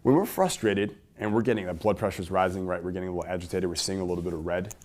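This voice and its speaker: A man teaching a workshop to a live audience in a room, energetic and asking the audience questions. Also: sits low, rapid-fire. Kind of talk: live seminar talk to an audience.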